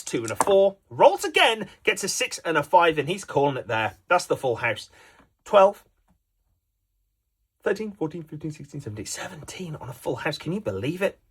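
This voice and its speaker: A man's voice: on the high side, very animated, moderate pace, husky. A man giving jokey, playful play-by-play commentary on a dice game as its host.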